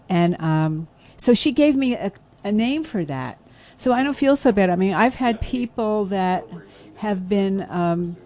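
A woman's voice: mid-range voice, dark tone. A woman hosting a local radio show, chatting casually as a guest and telling anecdotes with easy laughter. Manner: chatty storyteller, laughs easily. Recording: broadcast radio studio.

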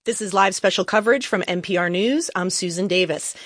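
A woman hosting live special news coverage on radio, introducing guests and asking questions in a measured anchor voice. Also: on the low side, dry recording, studio quality. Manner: clear, measured anchor delivery. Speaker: news host.

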